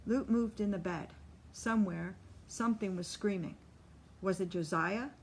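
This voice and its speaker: A woman narrating an audiobook in a steady, measured reading voice. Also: medium pitch, a little hiss or hum. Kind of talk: scripted narration.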